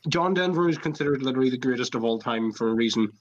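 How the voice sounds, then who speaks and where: A man's voice: mid-range voice, expressive, rapid-fire, slight background noise. A young man co-hosting a casual podcast, rambling through stories with laughs and swearing. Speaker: podcast co-host. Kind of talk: casual group chat. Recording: dull lo-fi mic.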